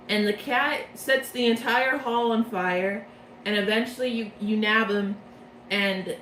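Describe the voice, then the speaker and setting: A woman's voice: a little high, a bit bright. A woman giving a rambling, self-mocking comedic recap of a game's plot, recorded in a roomy space. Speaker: video creator. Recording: roomy echo, faint noise.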